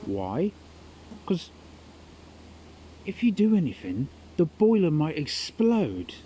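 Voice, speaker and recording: A woman's voice: low-pitched, very animated, slow pace, mellow, a little hiss or hum, voice pushed up, full character voice. A man voicing his elderly grandmother, fretful and pleading, in a retold story. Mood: anxious. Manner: pleading, anxious.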